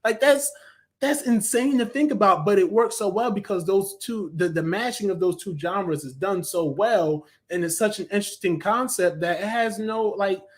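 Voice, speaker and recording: A man with a high-pitched voice chats through a casual cartoon review. He rambles enthusiastically, often pausing with ums and restarting his sentences.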